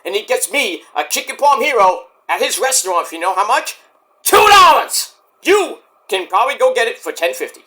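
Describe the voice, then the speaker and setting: A man casually reviewing a wrestling show on his own, animated and excitable, breaking into high-pitched outbursts. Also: fast talker, hardly any pauses. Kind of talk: casual solo review vlog.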